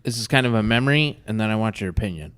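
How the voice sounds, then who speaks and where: Male guest with a low, smooth voice, easygoing recollections. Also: animated, racing, fairly bright tone. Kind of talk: casual chat among friends.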